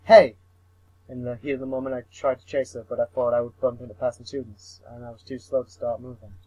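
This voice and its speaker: A man's voice: medium pitch, little pitch movement, fast talker, dark tone, no echo, poor audio. A young man reading a visual novel aloud for laughs, mumbling, tripping over words and swearing at himself. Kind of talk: comic read-through of a visual novel.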